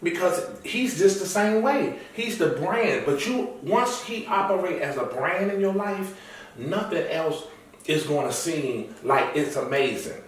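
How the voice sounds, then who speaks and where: A man's voice: high voice, measured pace. A middle-aged man as an interview guest, chatting casually and telling stories animatedly. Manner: animated storyteller, acts out quoted lines. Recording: echoey room, far from mic.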